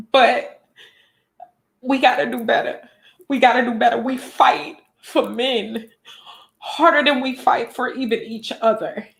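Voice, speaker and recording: A woman's voice: fairly high pitch, fairly even intonation, slow, creaky, pauses often. A woman vlogger, speaking earnestly and emotionally, near tears, repeating lines for emphasis. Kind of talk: emotional direct-to-camera vlog talk. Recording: roomy echo.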